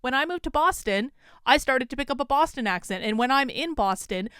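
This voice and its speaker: A woman's voice: high voice, animated, a bit bright, smooth, no room sound, clean studio sound. Indignant woman with a Vermont accent. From Vermont, USA. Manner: indignant, rapid and emphatic. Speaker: commentary YouTuber. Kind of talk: opinionated video commentary.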